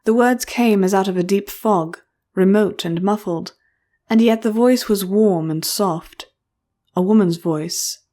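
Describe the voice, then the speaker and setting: A woman reading a first-person fantasy audiobook in a measured, expressive storytelling voice. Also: medium pitch. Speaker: audiobook narrator.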